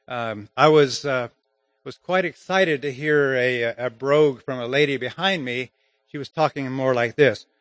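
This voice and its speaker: A man preaching a sermon, speaking haltingly with frequent fillers. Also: medium pitch, a bit bright, dry recording.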